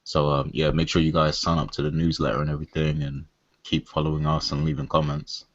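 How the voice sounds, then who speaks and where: Very deep, flat-voiced male co-host. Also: dry recording, lo-fi sound. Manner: measured, hesitant, many pauses. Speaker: podcast co-host. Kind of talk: casual hip hop podcast chat.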